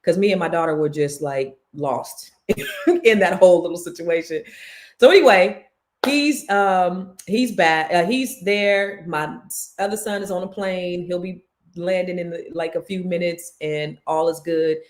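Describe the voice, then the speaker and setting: A middle-aged woman, a podcast host telling a family story in a casual, animated way. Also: on the low side, measured pace. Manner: animated, chatty, with lots of restarts.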